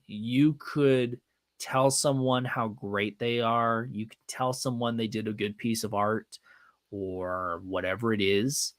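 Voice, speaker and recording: A man's voice: medium pitch, dry recording. A man in his thirties hosting a live podcast, telling a personal story earnestly and acting out the conversations. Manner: earnest, retells with quoted dialogue. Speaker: podcast host. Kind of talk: live-streamed storytelling monologue. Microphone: desk microphone, live stream.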